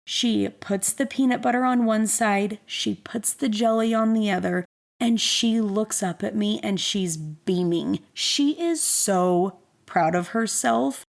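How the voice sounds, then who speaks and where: A woman in her thirties tells a personal story with a frank, self-mocking ease. Her mid-pitched voice carries a steady gravelly fry. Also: slow. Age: 30s. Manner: candid, self-deprecating, conversational. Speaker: podcast host.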